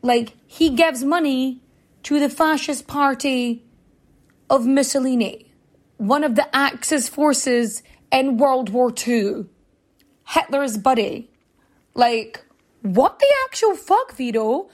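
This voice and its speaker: A woman's voice: sits high, fairly even intonation, slow pace. A woman hosting a podcast, telling a history story in a casual, sarcastic and sweary way with lots of chatty filler words. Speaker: podcast host.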